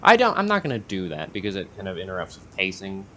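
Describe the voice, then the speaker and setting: Young male YouTuber, lower register, meandering and hesitant delivery, faint background hiss. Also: huge pitch swings, fast talker, bright, forceful tone. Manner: rambling, hesitant, many fillers and self-corrections. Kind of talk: casual rambling vlog monologue.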